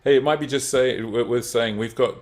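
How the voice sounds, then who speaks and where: A man's voice: medium pitch, brisk. A man co-hosting an online webinar in a casual, jokey manner, chuckling often as he greets attendees over a video call. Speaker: webinar co-host. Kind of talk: casual online meeting chat.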